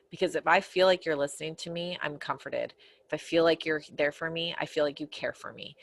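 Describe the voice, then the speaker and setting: A middle-aged woman teaching a parenting course, earnest and conversational, often dropping to a soft, quiet voice. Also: low-pitched, fairly quick, vocal fry. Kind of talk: recorded course lesson. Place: home office corner.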